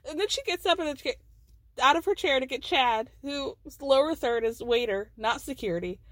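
A woman's voice: high-pitched, lively intonation, normal speed, fairly bright tone, no room sound. A woman hosting a podcast, casually recapping a reality TV episode in a chatty, amused way. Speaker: podcast host.

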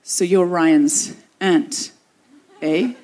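A woman's voice: lowish voice, big pitch swings, moderate pace. Woman doing stern probing male elders.

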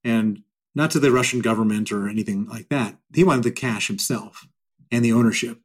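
A man's voice: mid-range voice, brisk, breathy edge. A man answering interview questions at length, emphatic and given to repeating his points. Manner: emphatic and repetitive. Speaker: interview guest.

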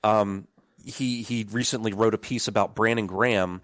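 A man's voice: lowish voice, steady tone, moderate pace, a bit bright, no echo, clean studio sound. A young man co-hosting a casual sports podcast, talking in a rambling, profane way with lots of filler words. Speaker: podcast co-host.

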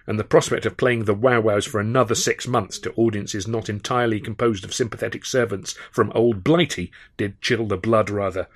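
A man reading his own novel aloud in a wry, understated storytelling manner. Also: on the low side. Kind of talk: audiobook narration.

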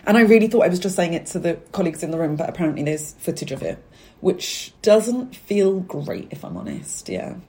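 A woman's voice: lowish voice, sing-song, a little fast, mellow. A woman, a guest talking openly and animatedly in an interview, with asides and fillers. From England. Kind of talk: interview conversation.

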